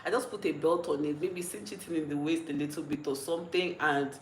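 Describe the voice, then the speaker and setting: A young Nigerian woman with a Nigerian accent, chatting casually on a livestream, reading out comments and rambling with frequent giggles and restarts, a little tipsy and mellow. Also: low-pitched, a little fast, echoey room, slight background noise, low-quality recording. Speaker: vlogger.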